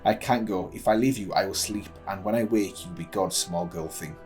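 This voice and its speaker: Guy doing a big eager stone colossus, short blunt lines, kinda low voice. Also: moderate pace, a little mellow, soft background music, natural voice. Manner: booming, plain clipped speech.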